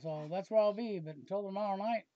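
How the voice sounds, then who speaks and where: A man hosting a casual call-in radio chat, brisk as he runs the show's timing. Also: high-pitched, dark tone, no room sound, dull audio. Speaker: host.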